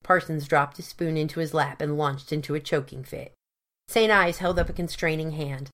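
A woman narrates a novel in a measured, dryly wry manner. Her voice sits fairly low and she reads the long sentences steadily. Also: a bit bright. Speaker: audiobook narrator. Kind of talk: scripted narration.

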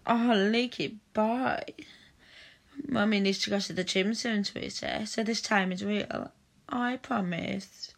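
A woman speaking slowly in an intimate audio role-play, her voice carrying a gravelly fry. She coaxes and teases in a doting tone. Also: mid-range voice. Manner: coaxing, teasing, doting.

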